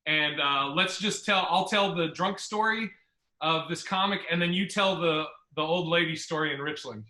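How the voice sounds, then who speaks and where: A man hosting a podcast, telling a comedy club story in a casual, profane, animated way. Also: fairly high pitch, normal speed, echoey room, rough recording.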